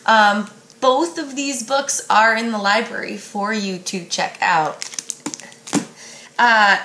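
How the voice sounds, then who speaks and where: A woman's voice: mid-range voice, pushed and bright. A woman, a school librarian, giving a casual, upbeat book recommendation with filler ums. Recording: echoey room.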